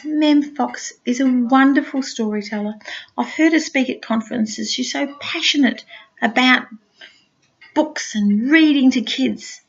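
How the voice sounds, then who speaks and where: Older grandmother reading to a small child; gentle, sing-song, unhurried, higher voice. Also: vocal fry, breathy edge, muffled recording. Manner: gentle, sing-song storytelling with soft asides. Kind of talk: reading a picture book aloud to a small child.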